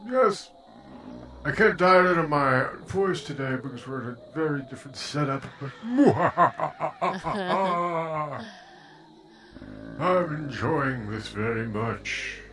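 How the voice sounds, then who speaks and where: A man hosting a podcast chat while voicing the masked villain Bane in a slow, creepy, theatrical way. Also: mid-range voice, animated, bright, forceful tone, a little hiss or hum. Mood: menacing. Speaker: host.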